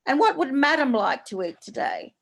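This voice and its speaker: A woman's voice: high voice, huge pitch swings, normal speed, voice pushed up, full character voice. Woman reading a polite Aussie waiter, a man, formal and obliging. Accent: Australian. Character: polite male train waiter.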